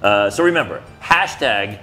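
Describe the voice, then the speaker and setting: A man's voice: lowish voice, expressive, moderate pace, pushed and bright, soft background music. A man co-hosting a live studio broadcast, joking casually and poking fun at himself. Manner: jokey, casual, self-mocking. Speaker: TV host.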